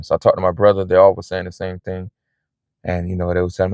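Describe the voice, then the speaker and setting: Man, casual vlogger, lowish voice, rambling and earnest, outdoors in a parking lot, dry sound. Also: completely flat delivery, fast talker, a little mellow, no echo. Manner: rambling and earnest, with frequent "man" and "you know". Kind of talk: casual personal vlog talk.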